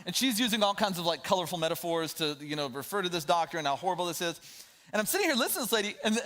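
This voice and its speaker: A man's voice: high voice, animated, very fast, fairly bright tone. A man in his thirties preaching a sermon in a conversational way, with storytelling asides. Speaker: pastor.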